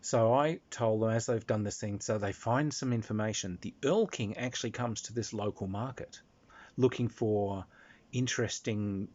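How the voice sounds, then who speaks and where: Male game master, rambling animated storyteller, dull lo-fi sound. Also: on the low side, moderate pace. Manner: animated, restarts, laughs through telling. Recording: slightly dull lo-fi recording.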